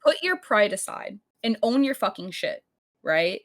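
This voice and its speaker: A young adult woman co-hosts a podcast and tells an animated story in casual chat, leaning heavily on "like" and cursing often. When she quotes someone, she acts the line out in a raised, louder voice. Her pitch is medium and her pace measured.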